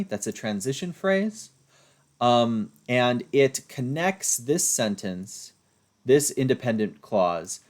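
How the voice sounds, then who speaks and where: A man lecturing as a writing instructor, explaining through examples and often checking in with a rhetorical "right?". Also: medium pitch.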